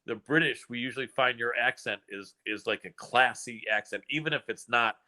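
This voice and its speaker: Bright-voiced American man hosting. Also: medium pitch, fairly quick. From United States. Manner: chatty, laughs often, excitable. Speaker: host. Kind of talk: casual podcast chat.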